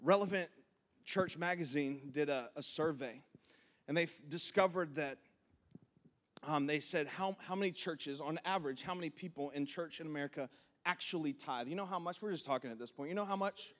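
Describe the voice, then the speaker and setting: A man in his thirties delivering a sermon from the pulpit. His voice sits high for a man, and he preaches with animated energy. He keeps slipping into short acted-out quotes of God and everyday churchgoers. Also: normal speed. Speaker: pastor.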